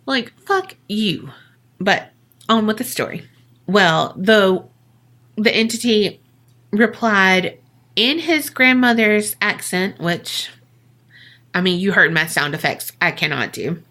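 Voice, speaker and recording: Bright-voiced woman telling a ghost story. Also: animated, slow pace, pauses often. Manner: chatty, profane, jokey asides; acts out quoted voices with big pitch jumps. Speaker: podcast co-host. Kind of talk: casual storytelling.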